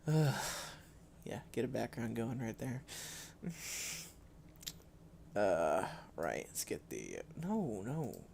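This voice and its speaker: A man's voice: medium pitch, big pitch swings, takes it slowly, gravelly, pauses often, warm tone, slight background noise. A man live-streaming a game from home on a desk microphone, rambling in a casual, self-deprecating way with frequent restarts and sighs.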